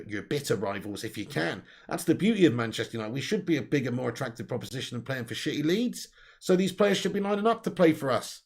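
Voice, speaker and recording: A man's voice: a little high, vocal fry. A man hosting a casual livestream, reading out viewer comments and bantering, swearing and laughing often. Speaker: livestream host. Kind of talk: casual live-stream chat reading comments.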